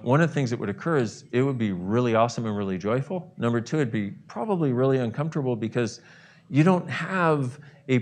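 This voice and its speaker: A man leading a guided visualization, acting out loud gasps and exclamations between softer stretches. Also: mid-range voice. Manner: animated, acts out exclamations and gasps, swings from soft to loud.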